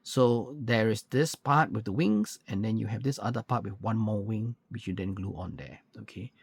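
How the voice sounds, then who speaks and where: Husky-voiced man showing model parts. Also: lowish voice, moderate pace, no echo. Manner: chatty and pedantic, with many fillers and self-corrections. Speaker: scale model reviewer. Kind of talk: unboxing walkthrough, casual commentary.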